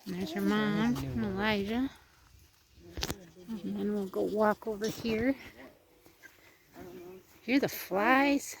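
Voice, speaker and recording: A woman walks through her homestead outdoors, casually chatting and cooing to the animals in a raised pitch, as homestead vloggers do. She speaks a little slowly in a steady, fry-tinged voice with long pauses, and crowd noise can be heard.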